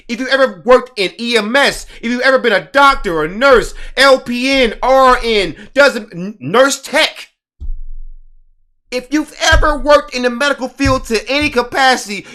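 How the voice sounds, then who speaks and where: A man's voice: very high voice, bright, forceful tone. A man giving indignant casual commentary, hammering his points with repetition and reading passages aloud from an article.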